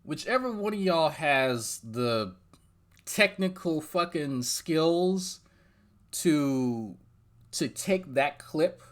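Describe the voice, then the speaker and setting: A male host reacts to a clip with profane, mocking commentary and addresses its subject directly. His pitch rises and falls a lot as he talks. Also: lively intonation, very slow.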